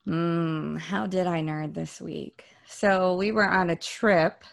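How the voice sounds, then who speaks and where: A woman's voice: on the low side, fairly even intonation, slow pace, creaky. A woman co-hosting a podcast in casual chat, playful and teasing. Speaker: podcast co-host.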